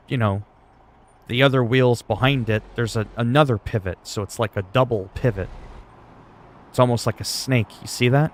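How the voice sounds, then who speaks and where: Blunt, profane man chatting while streaming. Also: medium pitch. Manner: blunt, profane storytelling to chat. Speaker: livestreamer. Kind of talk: casual chat while gaming. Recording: steady background noise.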